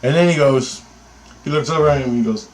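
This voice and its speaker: A man's voice: medium pitch, fast, darkish tone, low-quality recording. A man telling an angry, profanity-laced story about his bird photography, talking in a heated, sarcastic way. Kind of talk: angry ranting anecdote.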